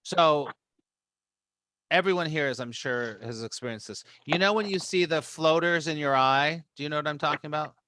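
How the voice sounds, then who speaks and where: A man with a bright, forward voice recorded dry and close, with no room sound. He tells a story to a group in a loose, rambling way, full of restarts. He acts out his own past reactions with lively quoted asides. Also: on the high side, normal speed, no room sound. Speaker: spiritual teacher leading a meeting.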